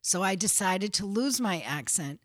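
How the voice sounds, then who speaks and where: A woman's voice: mid-range voice, normal speed, no echo, clean studio sound. A woman in her sixties from the Boston area, a casting director telling funny stories in a casual interview and laughing often. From Boston area, USA. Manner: lively, funny storyteller who laughs often.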